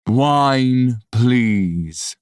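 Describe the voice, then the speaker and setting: A woman voicing a smug, menacing man who speaks straight into others' minds, in a slow, low, teasing drawl, with a dry sound close to the mic. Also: expressive, a little mellow, clean tone, dry recording, exaggerated voice.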